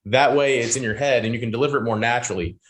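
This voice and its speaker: Halting male host in an echoey room. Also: medium pitch. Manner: rambling, halting questions with restarts. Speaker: podcast host, interviewer. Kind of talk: casual interview questions.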